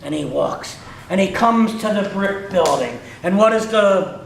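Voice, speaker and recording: A man's voice: high voice, animated, measured pace, vocal fry, slight background noise. A man telling a story to children in a playful manner, asking his listeners questions, heard in an echoey room with listeners around.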